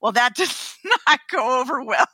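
A woman guest on a podcast telling an anecdote in an animated way, laughing often and acting out voices. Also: high voice, normal speed, breathy edge, no echo. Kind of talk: anecdotal storytelling.

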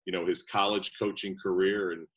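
A man, a basketball broadcaster, telling lively stories as a guest in an interview. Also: low-pitched, moderate pace. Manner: lively anecdotal storytelling. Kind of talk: interview storytelling.

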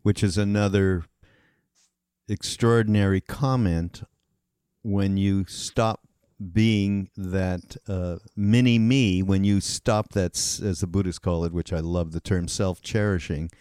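A man hosting a podcast in a casual interview, with soft affirming murmurs. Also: low voice, fairly even intonation, slow pace, clean tone, no echo, studio quality. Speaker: podcast host.

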